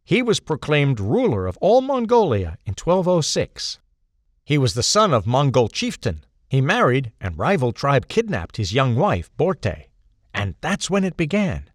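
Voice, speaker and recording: A man's voice: mid-range voice, huge pitch swings, unhurried, dry recording, clean studio sound. A man voicing an earnest adult man who speaks in clipped sentences and explains things matter-of-factly. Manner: clipped, matter-of-fact, drops small words.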